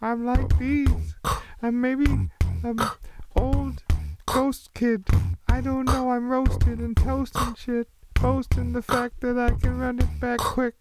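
A man's voice: very high voice, flat delivery, slow pace, music in the background, pitched above the performer's own voice. A man voicing a goofy, unsure young ghost kid who boasts through a rambling freestyle rap. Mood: boastful, rambling.

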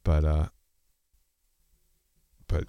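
A man's voice: extremely slow, warm tone, dry recording. A man talking in a casual, rambling monologue to camera, musing aloud and often breaking off mid-thought to restart. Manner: rambling, musing, self-interrupting; switches between speech registers.

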